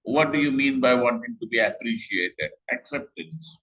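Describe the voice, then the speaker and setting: Bright-voiced man teaching scripture. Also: mid-range voice, lively intonation, muffled recording. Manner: conversational, asks rhetorical questions, quotes Sanskrit slowly. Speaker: Vedanta teacher. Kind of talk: scriptural class lecture.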